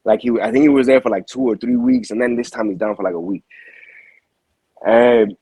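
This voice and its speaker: A boxing manager tells his story in loose, slangy talk and keeps restarting his sentences. His voice is husky. The sound is close and dry. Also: mid-range voice, fairly quick, no room sound, poor audio. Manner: animated storyteller, heavy slang, frequent restarts. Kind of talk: casual interview storytelling.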